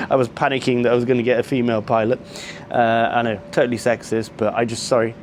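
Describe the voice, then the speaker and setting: A man's voice: medium pitch, flat delivery, brisk, a little hiss or hum. A man, telling a rambling travel story to camera and complaining at length, with frequent ums and restarts. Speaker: travel vlogger.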